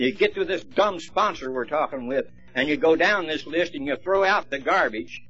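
A man's voice: medium pitch, fairly bright tone, husky. A man speaking at a recovery meeting, telling stories in a folksy, plainspoken way. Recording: dull lo-fi recording, faint music.

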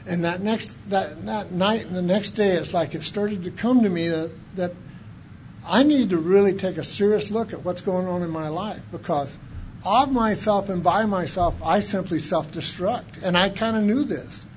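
A man telling his own recovery story from drinking in a folksy, colloquial way, swinging from loud bursts to hushed tones. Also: high-pitched, normal speed, highs cut off, a little hiss or hum. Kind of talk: personal recovery testimony.

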